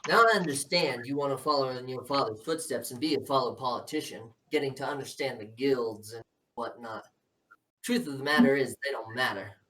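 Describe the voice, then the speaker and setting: A man's voice: mid-range voice, brisk, pushed and bright, recorded from a distance, lightly acted, low-quality recording. A man playing a menacing older politician father. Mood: scolding. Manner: cold, menacing, lecturing. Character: stern scheming older male politician father.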